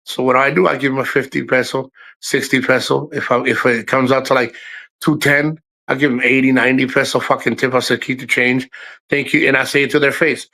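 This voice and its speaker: A man's voice: medium pitch, moderate pace, pushed and bright. A man hosting a casual livestream, talking frankly to his chat, swearing often and rambling through asides. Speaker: livestream host.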